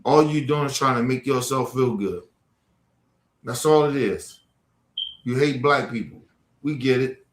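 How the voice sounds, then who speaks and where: A man's voice: medium pitch, unhurried, long pauses, slight background noise. Confrontational man ranting in an echoey room. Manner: confrontational, profane, addressing chat trolls directly. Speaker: livestream host. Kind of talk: heated livestream rant.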